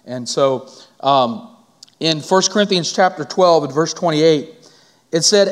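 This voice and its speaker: A male pastor preaching a sermon in church, often halting and repeating words, then rising into emphatic preaching. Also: fairly high pitch, lively intonation.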